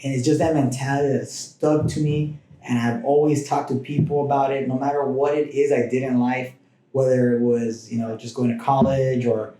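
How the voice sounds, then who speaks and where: Rambling mellow-voiced man telling stories. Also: medium pitch, level tone, normal speed. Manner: rambling, with frequent restarts and asides. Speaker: podcast guest. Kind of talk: casual personal storytelling. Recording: roomy echoing room.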